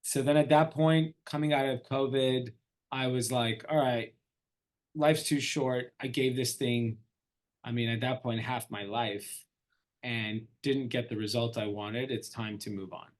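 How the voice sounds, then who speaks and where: A man's voice: medium pitch, unhurried. A middle-aged man, an entrepreneur guest in an interview, telling a story casually and acting out the dialogue. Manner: animated storyteller, acts out quoted dialogue.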